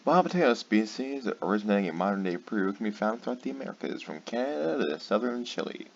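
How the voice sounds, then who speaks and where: A man reads an encyclopedia entry aloud, racing loudly through the sentences with mounting exasperation. His voice sits fairly low, and the home recording sounds dull and lo-fi. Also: big pitch swings, creaky, a little hiss or hum. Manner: rapid, loud, exasperated reading. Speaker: YouTuber. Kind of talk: reading a wiki article aloud.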